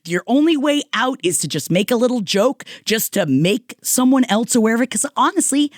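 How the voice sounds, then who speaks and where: A woman's voice: a little high, a little fast, dry recording, clean studio sound. A woman co-hosting a podcast in casual, playful chat. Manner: animated, playful, laughs often. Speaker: podcast co-host.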